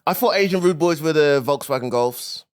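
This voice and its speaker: A man's voice: on the high side, moderate pace, a little mellow, clean tone. A young man with a Birmingham accent, a comedian chatting casually on a podcast in a playful, teasing way.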